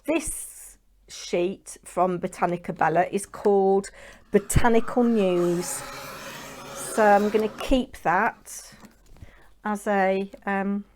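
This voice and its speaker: A woman of middle pitch chats through a crafting session. She rambles, thinks aloud and keeps asking the viewer to agree with her. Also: fairly even intonation, slow pace, a little mellow, slight background noise. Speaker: papercraft channel host. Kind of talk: chatty crafting vlog.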